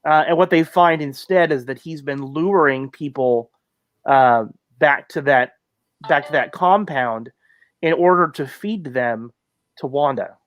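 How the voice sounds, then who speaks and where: A man's voice: a little high, measured pace, no echo. A man co-hosting a podcast in casual chat, recapping plot loosely with fillers and questions tagged on at the end. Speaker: podcast co-host.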